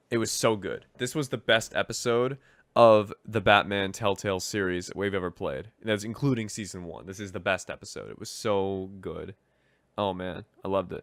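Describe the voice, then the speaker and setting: A man's voice: low voice, a bit bright, no echo, clean studio sound. A young man chatting casually as a game streamer, rambling with lots of fillers. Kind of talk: casual gaming commentary.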